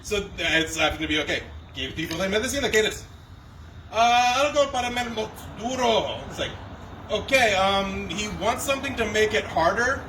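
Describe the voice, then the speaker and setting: High-voiced young man doing stand-up. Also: animated, moderate pace. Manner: conversational, self-deprecating storytelling. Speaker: stand-up comedian. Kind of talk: stand-up set. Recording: distant mic with loud background noise.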